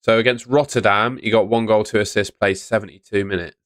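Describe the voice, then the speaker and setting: A man's voice: on the low side, fairly even intonation, brisk, no room sound, studio quality. A young man hosting a fantasy football live stream in a chatty way, reading out and answering chat messages. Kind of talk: casual live-stream commentary. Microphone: studio microphone on stand.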